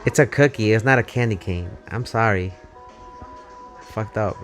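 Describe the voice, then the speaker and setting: A man streaming a mobile game live, talking casually and excitably, swearing and rambling as he plays, over faint game music. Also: lowish voice, normal speed, long pauses. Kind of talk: casual live gameplay commentary.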